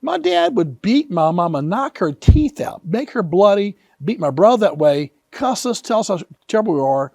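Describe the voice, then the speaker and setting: A man in his fifties, an author telling personal stories in an earnest, animated way. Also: high-pitched, moderate pace, gravelly, hardly any pauses, no echo, studio quality. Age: 50s. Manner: animated, earnest, vivid retelling. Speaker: author and guest. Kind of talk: emotional personal storytelling.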